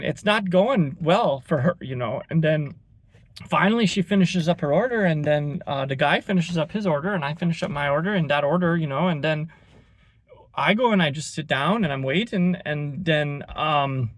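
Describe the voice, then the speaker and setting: A vlogger casually telling an anecdote, rambling with lots of fillers and chuckles. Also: mid-range voice.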